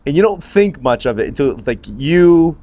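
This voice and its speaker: A man co-hosting a casual podcast chat outdoors, telling stories with a quick, joking manner. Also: a little high, expressive, dark tone. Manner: storytelling, quick to joke and laugh. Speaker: podcast co-host. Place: backyard, outdoors. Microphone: phone livestream.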